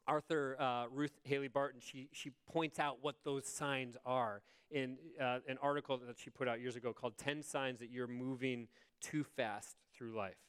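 A man's voice: mid-range voice, a bit bright, clear, resonant tone. A man preaching a sermon in a conversational way, often checking in with his listeners. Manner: conversational, asks the congregation "right?". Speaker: pastor.

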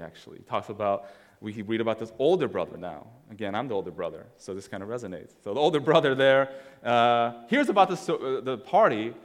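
A man's voice: mid-range voice, big-room sound. A man preaching a sermon in a casual, conversational way, telling a story as he walks through slides. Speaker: pastor.

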